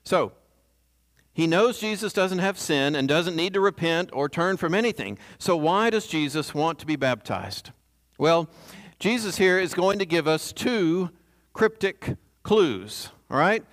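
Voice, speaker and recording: A man's voice: fairly high pitch, expressive, unhurried, a bit bright. A man preaching a sermon in a conversational way, often checking in with the congregation. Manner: conversational, asks the congregation "right?".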